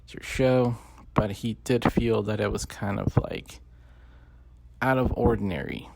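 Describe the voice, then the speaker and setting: A man's voice: on the low side, a little slow, vocal fry, husky, no room sound. A man giving casual, rambling commentary full of swearing and fillers. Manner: profane, rambling, many fillers. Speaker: podcast host. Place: lives in the Bay Area.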